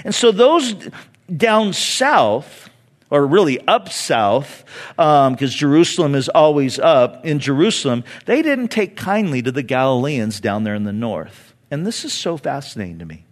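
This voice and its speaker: A man from California preaching a conversational sermon in a church, with dramatic pauses. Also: a little high, sing-song. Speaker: pastor.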